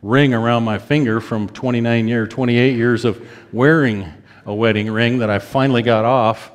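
A man's voice: steady tone, normal speed. Emotive preacher man in a reverberant hall. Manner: emotive, rises to high pitch when stirred; acts out prayers of repentance. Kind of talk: sermon.

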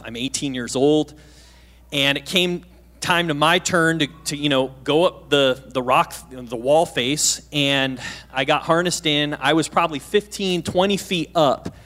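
A man's voice: mid-range voice, fairly bright tone. A man in his thirties gives a casual, story-driven sermon from a church stage, with a mid-range voice. He drops in self-deprecating jokes and keeps asking the congregation questions. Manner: chatty, self-deprecating, asks the audience questions. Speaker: guest pastor.

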